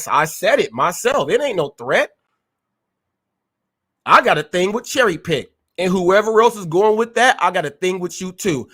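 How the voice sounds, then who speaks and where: A man's voice: fairly high pitch, a bit bright. A man hosting a live stream, ranting in a fiery, confrontational way with slangy street talk. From California. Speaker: host. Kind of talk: heated live-stream rant.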